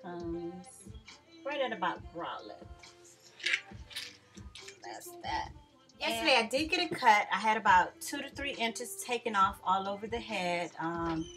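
A woman's voice: on the low side, a bit bright. A woman chatting casually about her hair in a home vlog, friendly and rambling. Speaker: beauty vlogger.

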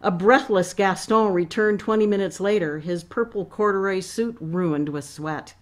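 A woman author reading her novel aloud in a measured, expressive way. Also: medium pitch.

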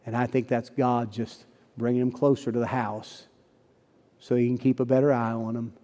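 A man's voice: mid-range voice, little pitch movement, normal speed, mellow. A man preaching a sermon as pastor, telling a story in earnest, folksy phrasing. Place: church sanctuary. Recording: long church hall reverb.

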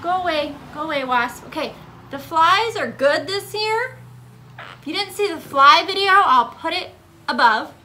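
High-pitched woman, slow chatty bird vlogger. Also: lively intonation, bright, forceful tone, a little hiss or hum, poor audio. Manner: chatty, coos baby talk to her birds. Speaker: parrot rescue founder and vlogger. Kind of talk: casual product show-and-tell vlog. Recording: background music.

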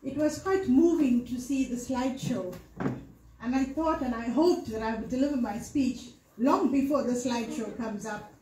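A woman's voice: on the high side, warm tone, a little hiss or hum. A middle-aged woman from Africa, giving an earnest, emotional memorial speech for her father in a temple hall. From South Africa. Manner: emotional, earnest, carefully measured delivery. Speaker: daughter giving a eulogy. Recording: echoey hall sound.

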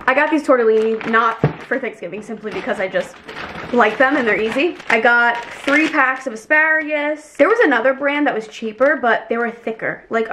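A woman vlogging in a casual, chatty way, bubbly and easily excited as she talks through her shopping and cooking. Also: fairly high pitch, background noise. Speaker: lifestyle vlogger. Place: shops, car and home kitchen. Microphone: camera mic, handheld then tripod.

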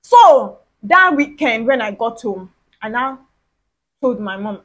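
A woman with a Nigerian accent, a vlogger telling a lively story from her childhood and acting out the dialogue with big swings in pitch. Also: slow pace, low-quality recording. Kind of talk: storytime vlog.

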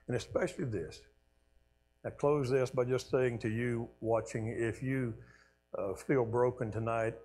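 A man speaking as a guest preacher, telling an earnest personal story in a sermon and often dropping to a soft hush. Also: mid-range voice, a little hiss or hum. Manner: earnest storytelling, trailing off softly at key lines. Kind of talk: sermon testimony.

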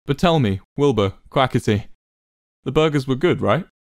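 A man voicing a calm, gentle young man who speaks steadily and softly in a read-aloud story. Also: medium pitch, moderate pace, dry recording, studio quality, voice pushed up, natural voice.

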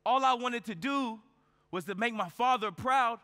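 Male keynote speaker, high bright voice, storytelling style, lots of rhetorical questions. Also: normal speed. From United States. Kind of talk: motivational keynote speech. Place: large event hall on stage. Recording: reverberant conference hall.

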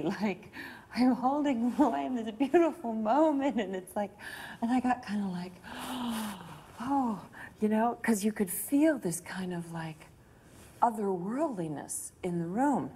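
A woman telling an emotional story in an interview, animated, gasping and laughing as she goes. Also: mid-range voice, slight background noise.

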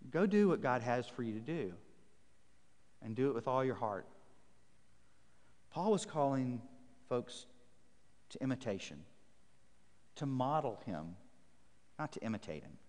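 A man's voice: medium pitch, very animated, measured pace, long pauses, darkish tone. A man preaching a sermon as pastor to his congregation, building emphatic repeated phrases and reading scripture aloud. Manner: emphatic, repetitive preaching cadence. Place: church sanctuary. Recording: long church reverb.

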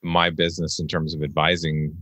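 Low-voiced man telling stories animatedly. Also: a little fast, no echo. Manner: animated storytelling, acts out his own past remarks. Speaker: podcast production host. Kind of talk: casual interview conversation.

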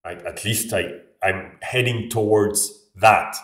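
A man's voice: fairly low pitch, takes it slowly, fairly bright tone. French-accented man, echoey room. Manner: rambling, restarts phrases, frequent "like". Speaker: vlogger. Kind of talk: casual talk to camera. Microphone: camera. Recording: echoey room, voice a bit far off.

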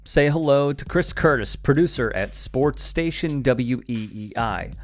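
A man's voice: medium pitch, expressive, measured pace. A man hosting a sports news commentary, delivering a scripted segment with a wry, pointed tone. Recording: faint music bed behind.

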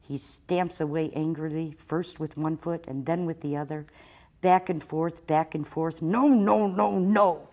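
Woman librarian, storytime read-aloud, low voice, unhurried. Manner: expressive, slow storytelling. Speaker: children's librarian.

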